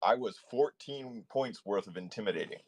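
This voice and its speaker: A man's voice: fairly low pitch, lively intonation, moderate pace. A man playing a tabletop game, calling out rolls and damage in a matter-of-fact way. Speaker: player. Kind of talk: casual tabletop game play.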